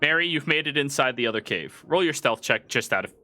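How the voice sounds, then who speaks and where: A man's voice: mid-range voice, animated, brisk, pushed and bright, slight background noise. A man narrating as game master in a casual tabletop game, with loose filler words.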